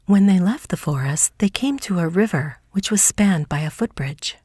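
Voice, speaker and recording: A woman narrating a folk tale audiobook in a soft, hushed, scripted reading. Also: lowish voice, animated, normal speed, husky, no echo, studio quality.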